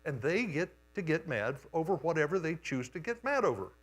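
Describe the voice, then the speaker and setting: An older man preaching a sermon in a church, telling a childhood story in an unhurried, homespun way. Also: on the high side, very animated. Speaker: guest preacher. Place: church sanctuary.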